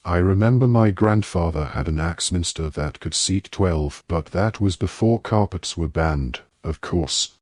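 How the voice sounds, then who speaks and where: A man's voice: deep voice, measured pace, few pauses, a little mellow, no room sound. A man reading a stiff, rule-bound elderly official who speaks in a clipped, dry, impatient way.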